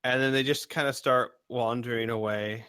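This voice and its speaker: A man's voice: mid-range voice, steady tone, moderate pace, sharp tone, clear, resonant tone, no room sound, clean studio sound. A man narrating as game master in a casual, chatty way, with fillers and laughter.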